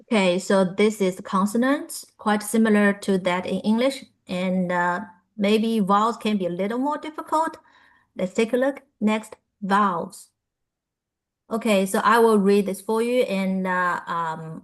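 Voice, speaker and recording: A woman presenting a pronunciation workshop, reading sound lists aloud with frequent filler pauses. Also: mid-range voice.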